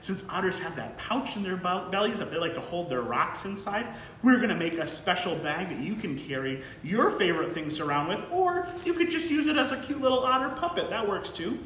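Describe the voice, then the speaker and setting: A man working as a museum educator reads a picture book to young kids in a museum program room, speaking warmly and encouragingly. His high voice is very animated and a little fast, and the roomy recording carries a little hiss or hum.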